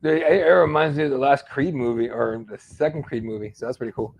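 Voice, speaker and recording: Fast-talking slangy man, dull lo-fi sound. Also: mid-range voice, creaky, darkish tone. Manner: laid-back, slangy, swears casually. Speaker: podcast co-host. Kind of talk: casual chat.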